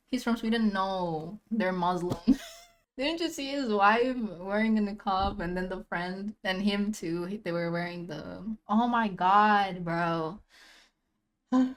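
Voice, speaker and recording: Brief: woman streamer, mid pitch, heated reaction talk full of swearing and repeats. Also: slow. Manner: outraged, swears a lot, repeats herself. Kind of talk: casual reaction commentary.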